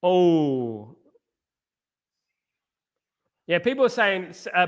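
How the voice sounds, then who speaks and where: A man's voice: a little high, normal speed, sharp tone. A man hosting a live football watchalong stream. He chats casually with viewers and keeps singing playful chant parodies.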